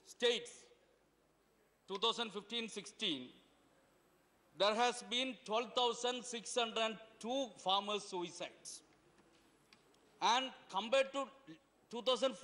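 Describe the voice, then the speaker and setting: A man with an Indian English accent giving a forceful parliamentary speech, full of rhetorical questions and repeated words. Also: sits high. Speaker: member of parliament. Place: parliament chamber. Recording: long reverb of a large hall.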